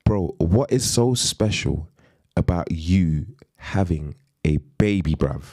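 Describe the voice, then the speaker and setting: Lively, heated ranting man streamer. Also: deep voice, takes it slowly, dry recording. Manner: heated, emphatic ranting with repeated slang tags. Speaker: live-stream commentator. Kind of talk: ranting live-stream commentary.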